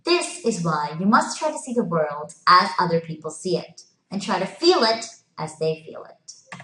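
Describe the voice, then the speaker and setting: A woman teacher talking her class through a recorded video lesson, clear and instructive. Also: lowish voice, very animated, moderate pace, pushed and bright. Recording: echoey room.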